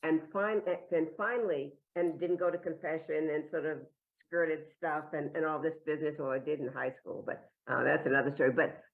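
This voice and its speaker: A woman's voice: sits low, steady tone, brisk, gravelly. A woman telling a meandering, self-deprecating personal story to a live audience. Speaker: improv performer telling a story. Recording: tinny, phone-like sound.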